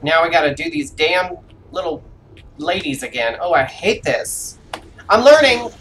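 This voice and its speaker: A live-streaming gamer with a medium-pitched, slightly bright voice chats with viewers at a normal speed, narrating his moves aloud. He's exclamatory, swears freely at setbacks, and laughs the frustration off, with slight background noise behind him.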